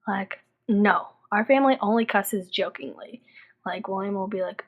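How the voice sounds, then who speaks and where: A woman's voice: medium pitch, a little slow, highs cut off. A young woman from Texas telling stories animatedly in a casual video diary, saying "like" often. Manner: animated storytelling, heavy use of "like". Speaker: vlogger.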